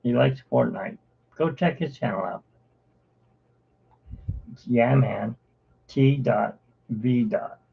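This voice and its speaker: Gravelly slow-talking man on a tinny stream. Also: mid-range voice. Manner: rambling, drifting between topics. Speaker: artist streaming live. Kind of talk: casual live-stream chat. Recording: tinny phone-like live-stream audio.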